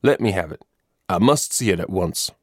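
A man voicing a stern, grieving middle-aged army colonel in a storybook reading, grave and measured. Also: deep voice, animated, breathy edge, no room sound, studio quality.

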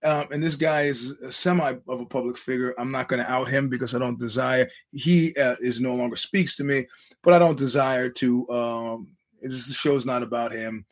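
A podcast host with a medium-pitched, steady voice talks casually to listeners at normal speed. His monologue rambles, he often restarts sentences, and he quotes other people in their voices as he goes.

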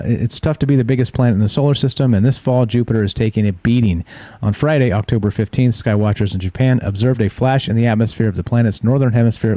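Man, low voice, mellow tone, dry close sound, casual stream host reading news with asides. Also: no echo. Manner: reads headlines aloud with offhand asides. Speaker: show host.

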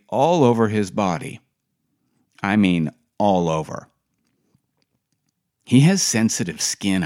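A man's voice: mid-range voice, darkish tone. A middle-aged man reading his own personal essay for a podcast in a dry, wry storytelling manner.

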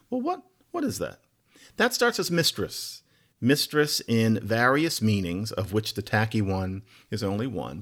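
A man hosting a podcast, giving a conversational lecture on words, musing with quick asides and rhetorical questions. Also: mid-range voice. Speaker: podcast host.

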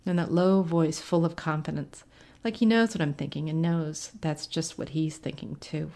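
A woman's voice: low voice, steady tone, moderate pace, creaky, warm tone. A woman narrating a first-person short story in a conversational, wry storytelling manner. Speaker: story reader.

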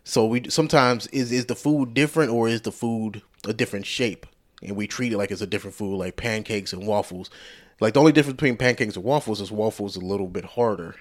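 A man's voice: on the low side, fast talker. A man co-hosting a podcast in casual chat, laid-back and rambling, with some swearing. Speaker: podcast co-host.

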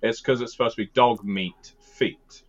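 A man's voice: medium pitch, steady tone, moderate pace. A man co-hosting a tabletop game podcast, chatting casually with a rambling, wry manner. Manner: rambling, wry, laughs at his own jokes. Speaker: podcast co-host, game master. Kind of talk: casual chat. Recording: dull lo-fi audio.

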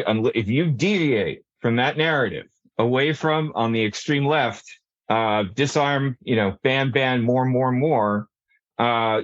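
A man's voice: mid-range voice, no room sound, muffled recording. A man talking through a policy discussion, rambling with many restarts and fillers. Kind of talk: casual panel discussion.

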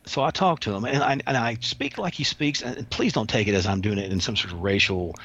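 Rambling male interview guest, husky tone, dull lo-fi recording. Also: fairly low pitch, fast, a bit bright. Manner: rambling, repeats words. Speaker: interview guest, former prison officer. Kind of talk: casual interview storytelling. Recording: dull lo-fi sound.

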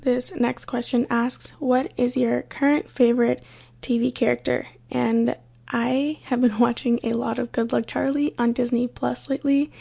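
A woman's voice: sits high, gravelly, slightly rough. A young woman hosting a casual solo podcast, chatting and telling stories in a light, easygoing way close to the mic. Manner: light, chatty, says she talks softly on the podcast. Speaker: podcast host.

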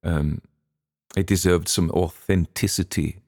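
A man's voice: low voice, steady tone, measured pace, a little mellow, dry recording, studio quality. A man, hosting a podcast and chatting in a rambling, musing way with plenty of restarts. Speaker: podcast host. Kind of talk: casual rambling commentary.

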